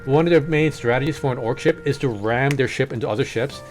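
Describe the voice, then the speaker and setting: A man's voice: mid-range voice, fast, faint music behind. Rambling man explaining game lore. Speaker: streamer. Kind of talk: casual gaming chat.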